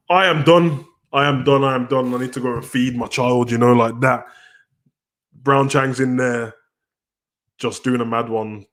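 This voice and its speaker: A man hosting a casual live stream, rambling as he answers chat messages. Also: on the low side. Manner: relaxed, rambling, answers chat messages aloud, often tags "you know, like that". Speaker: wrestling stream host.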